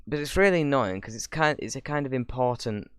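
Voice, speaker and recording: A man's voice: mid-range voice, lively intonation, a little fast, smooth, dry recording. A young man hosting his channel, giving rambling casual reaction commentary with sarcastic asides. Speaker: YouTuber host.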